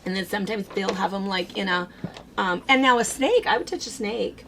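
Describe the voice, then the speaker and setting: Chatty woman with a gravelly edge. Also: mid-range voice, brisk, a crowd in the background, low-quality recording. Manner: chatty storytelling, laughs often. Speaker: co-host. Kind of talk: casual chat.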